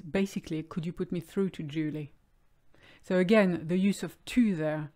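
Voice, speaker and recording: Low-voiced woman teaching a language lesson. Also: dark tone. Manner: clear, explanatory, slows down on key words. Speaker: French teacher.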